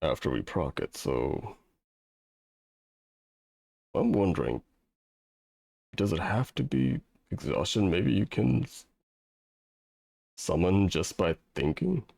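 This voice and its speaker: A man voicing a dragon spirit who speaks in a slow, musing way. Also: deep voice, sing-song, gravelly, a little mellow, no echo, studio quality, exaggerated voice. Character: pondering dragon spirit, calm and dry.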